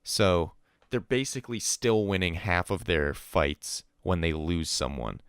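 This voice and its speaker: The young host of this laid-back esports podcast talks a little slowly in a low, clear, resonant voice with lively intonation, chatting with a remote co-host over a call. He laughs frequently and quotes others in put-on voices. The sound is clean, studio-like and echo-free.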